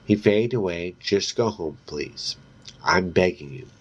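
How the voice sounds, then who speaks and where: A man's voice: deep voice, expressive, measured pace, husky, highs cut off, full character voice. A man voicing a frightened, insistent teenage girl. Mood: exasperated. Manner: pleading, insistent.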